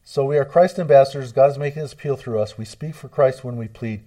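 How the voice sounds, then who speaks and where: A man preaching a sermon as pastor, repeating key words and shifting his loudness for emphasis. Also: mid-range voice, fast. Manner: retells a story acting out voices in quotes.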